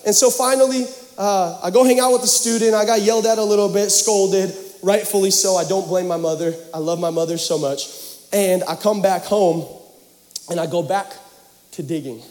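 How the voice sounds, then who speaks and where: In a large church hall thick with long reverb, a young man gives a sermon at a moderate pace. He sounds high-pitched for a man and preaches like an animated storyteller, cracking jokes along the way.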